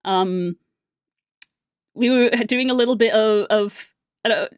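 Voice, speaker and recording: A woman's voice: fairly high pitch, slow, smooth, no echo. A young woman livestreamer telling a casual story on stream, rambling and chatty with lots of fillers and restarts.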